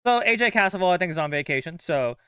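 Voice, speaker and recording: A man hosts his fan channel in an easygoing, upbeat chat, dropping in loose fillers as he goes. His voice is a touch higher than most and rings smooth and clear. The sound is close and dry, with no room around it. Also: lively intonation, fast, bright, forceful tone, no echo. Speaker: host of a fan sports channel. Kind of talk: casual chat.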